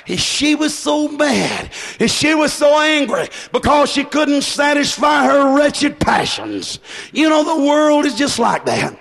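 Brief: emphatic male preacher, raspy-edged voice, long echo. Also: sing-song, slow. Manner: emphatic, swings from shouts to low asides. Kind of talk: sermon. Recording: echoey hall.

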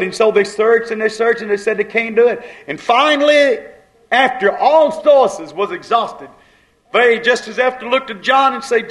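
A man preaching a sermon with fervor, swelling loud and then dropping to a hush. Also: sits high, moderate pace, poor audio.

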